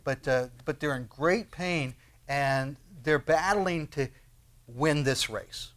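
Animated man preaching a sermon. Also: on the high side, takes it slowly. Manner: animated, conversational preaching with acted-out prayers and rhetorical questions. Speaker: pastor.

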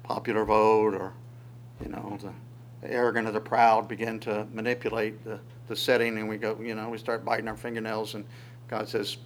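With slight background noise behind him, a man with a lowish voice moves briskly through a verse-by-verse sermon on the Psalms. He puts on God's words as quotes, throws out rhetorical questions, and chuckles from time to time, all in an animated way.

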